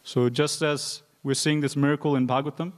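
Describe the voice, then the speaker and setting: A man's voice: on the high side, steady tone, a little fast. A man giving an informal scripture class in a temple, telling stories loosely with many fillers. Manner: storytelling with many "like" and "you know" fillers. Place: temple hall.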